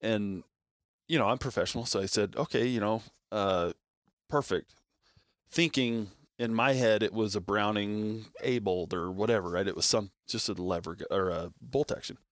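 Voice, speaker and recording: A man chatting casually, telling work and hunting stories and acting out the quotes with lively jumps in his voice. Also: moderate pace, no echo, studio quality. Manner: animated storyteller who acts out quotes with big jumps in pitch. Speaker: co-host in hunting talk, works at an optics shop. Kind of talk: casual chat, storytelling.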